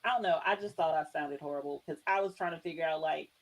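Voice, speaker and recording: Slow-drawling Southern woman, low voice. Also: poor audio. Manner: halting, restarts, drawn-out words. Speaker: podcast co-host. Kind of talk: casual chat.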